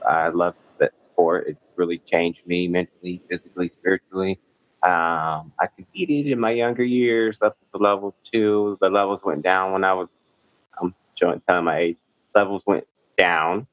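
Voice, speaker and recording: A man's voice: low-pitched, normal speed, no echo, narrow, tinny audio. An American man, a gymnast guest on a podcast, answering in an upbeat, enthusiastic way with some fillers. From United States. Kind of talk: casual interview answers.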